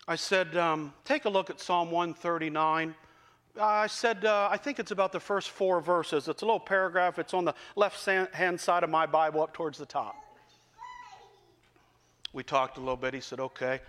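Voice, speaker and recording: A man preaching a sermon, telling folksy stories in a conversational way and slowing down for emphasis. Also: on the high side, steady tone, fairly bright tone. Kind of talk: sermon with storytelling. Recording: reverberant hall.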